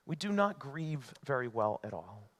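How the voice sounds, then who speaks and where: A male pastor preaching a sermon in an earnest way, moving between emphatic lines and hushed ones. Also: mid-range voice, sing-song, a little slow.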